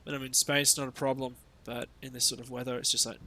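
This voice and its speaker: A man's voice: mid-range voice, flat delivery, quick pace, bright, forceful tone, slight background noise. An Australian man chatting casually over his gameplay stream, rambling and swearing with sarcastic asides.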